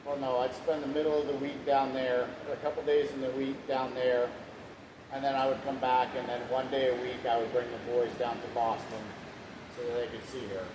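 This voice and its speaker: Man, 30s, rambling plainspoken storyteller, mid pitch, echoey room, hissy background. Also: level tone, brisk. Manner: rambling, plainspoken, swears now and then. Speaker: husband sharing his testimony. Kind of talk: casual storytelling. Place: room at home.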